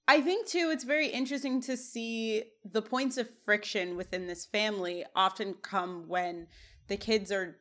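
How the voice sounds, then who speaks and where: A woman's voice: mid-range voice, moderate pace. A woman co-hosting a podcast, casually recapping a TV episode scene by scene and laughing often. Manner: animated scene retelling with laughs. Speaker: podcast co-host.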